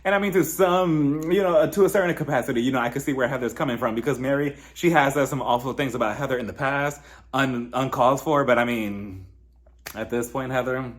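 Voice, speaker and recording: A young man giving a casual, animated recap of a reality TV episode, acting out the cast in quoted voices and laughing often. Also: medium pitch, a little fast. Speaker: reality TV reviewer.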